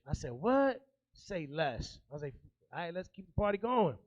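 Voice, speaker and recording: Stand-up comic, male, thirties, from New York, high voice, chatty, riffs with the crowd. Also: lively intonation, brisk, dry recording, muffled recording. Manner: streetwise, loose, chatty, working the crowd. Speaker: stand-up comedian. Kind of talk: stand-up comedy set.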